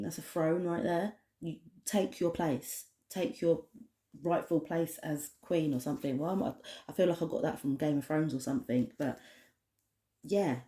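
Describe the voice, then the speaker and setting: A woman from the United Kingdom talks through an oracle card reading in a chatty, passionate way, with many restarts. Her voice is low and mellow, and the room gives it a clear echo. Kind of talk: casual spoken card reading to camera.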